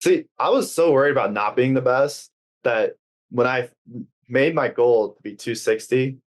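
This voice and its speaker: A man's voice: mid-range voice, moderate pace. A young man being interviewed on a podcast, talking earnestly and casually, with many uses of 'like' and hesitant restarts. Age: young adult. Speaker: guest.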